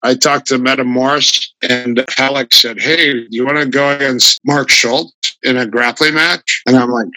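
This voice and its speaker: An older man with a gravelly voice, a grappling coach telling rambling, animated stories in an interview. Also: mid-range voice, moderate pace, no echo, rough recording. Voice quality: gravelly voice from a flattened throat. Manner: rambling, animated anecdotes with restarts. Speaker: guest, grappling fighter and coach. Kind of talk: casual storytelling in an interview.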